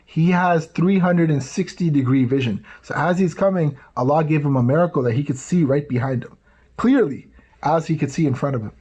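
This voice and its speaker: A man with a somewhat husky, slightly high voice tells stories to a young audience. He talks casually and lively, keeps asking "right?", and briefly acts out the people in his tales. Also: a little fast, dull audio. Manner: casual, animated, tags lines with "right?". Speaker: youth speaker. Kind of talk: storytelling talk to tweens.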